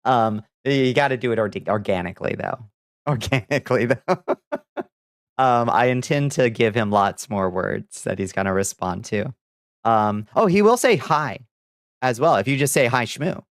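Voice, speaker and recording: On a clean, dry studio recording, a man with a smooth mid-range voice keeps a measured pace. He's livestreaming and chatting casually with viewers, with frequent laughter and casual cursing.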